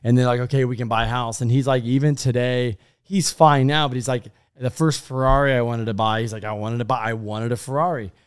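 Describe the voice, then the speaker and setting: Guy cohosting a podcast, mid pitch, rambly and animated, keeps restarting his sentences. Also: a little fast, hardly any pauses, clear, resonant tone. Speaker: podcast co-host. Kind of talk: casual chat.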